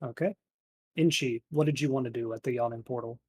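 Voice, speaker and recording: A man narrating as game master for a tabletop game, relaxed and full of fillers. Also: mid-range voice, fairly quick, slightly rough, dry recording.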